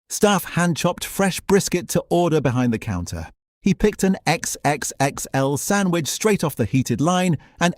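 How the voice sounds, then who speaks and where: A man giving measured, scripted documentary narration. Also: medium pitch, dry recording, studio quality. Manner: measured, even storytelling.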